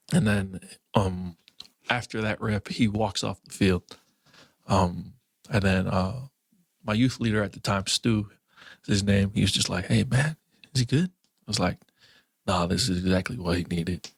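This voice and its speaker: A man's voice: lowish voice, no echo. A young man hosting a podcast, telling a loose anecdote full of fillers and acting out the people he quotes. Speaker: podcast host.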